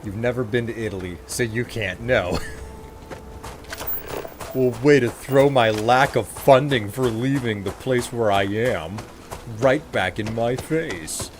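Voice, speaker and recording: A man's voice: medium pitch, slow, noisy background. A man streaming a game, giving casual, sarcastic commentary and poking fun at himself. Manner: sarcastic, joking, self-mocking.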